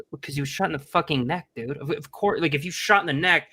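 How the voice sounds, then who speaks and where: Drunk man, higher-pitched, bright tense voice, profane wry casual chat. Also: fast, slightly rough. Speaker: podcast co-host.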